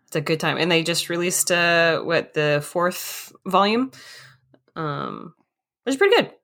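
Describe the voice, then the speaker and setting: A woman co-hosting a casual podcast chat, enthusiastic and quick to laugh. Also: on the low side, lively intonation, fairly bright tone. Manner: enthusiastic, giggly. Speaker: podcast co-host.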